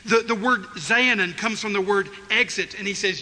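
A man's voice: high-pitched, normal speed, sharp tone. A man preaching an expository sermon, emphatic and acting out the voices he quotes. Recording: reverberant hall, faint noise.

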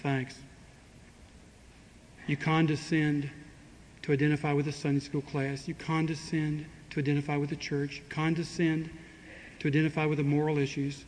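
A man's voice: a little high, completely flat delivery, normal speed, pauses often, a little mellow. A man preaching a sermon in a conversational way, asking his congregation rhetorical questions and acting out quoted speech with dry humor. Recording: long hall reverb, faint ambient noise.

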